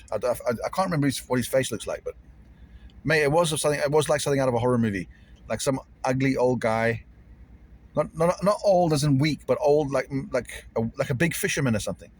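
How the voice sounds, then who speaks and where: A man's voice: mid-range voice, a little hiss or hum. A man vlogging casually to camera, rambling and repeating himself in an uneasy way.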